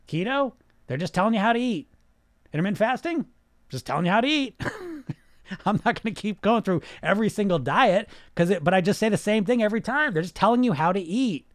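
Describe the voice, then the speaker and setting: A high-voiced man, a weight loss coach and podcast host, delivers a casual monologue in clean studio sound with no room echo. He's blunt and profane, firing off rhetorical questions and mocking listeners in put-on whiny voices.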